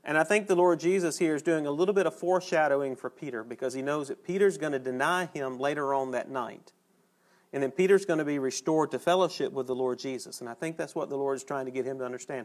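A man preaching a sermon in a folksy, conversational way, pausing for emphasis. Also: on the high side.

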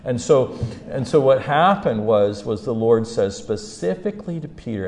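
A man preaches in a lively, joking way and tells his points as stories. His voice has a gravelly edge, and a faint hiss sits under it. He jumps from quiet asides to loud, high bursts. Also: normal speed. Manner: animated, humorous, acts out the biblical scenes with big swings in pitch and loudness. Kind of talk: storytelling sermon.

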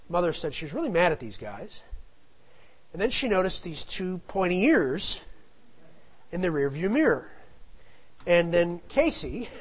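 A middle-aged male storyteller with a voice that sits high rambles through a family anecdote, casual and digressive, with frequent asides. The audio quality is poor.

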